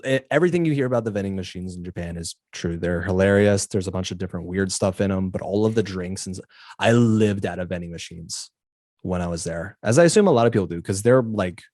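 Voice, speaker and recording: Podcast guest, male, low voice, dry close mic, animated and rambling. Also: fast, no echo. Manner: animated storytelling with many fillers. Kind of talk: casual chat.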